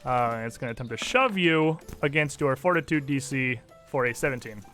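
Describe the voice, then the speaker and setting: A man runs a tabletop game, his voice bright and crisp. He describes the action loosely and laughs easily as he narrates. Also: mid-range voice, animated, fairly quick, faint music behind. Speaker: game master.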